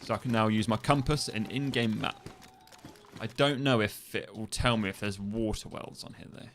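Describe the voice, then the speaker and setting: A man with a lowish, slightly bright voice streams a survival game at normal speed, with a little hiss or hum in the audio. In casual livestream commentary, he laughs as he repeats a foreign phrase over and over to get it right, swearing casually while thinking aloud.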